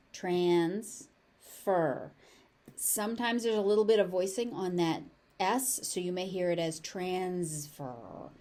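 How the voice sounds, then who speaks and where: An American woman teaching pronunciation, repeating each word slowly and carefully. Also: medium pitch, mellow. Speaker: pronunciation tutor. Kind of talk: slow pronunciation lesson.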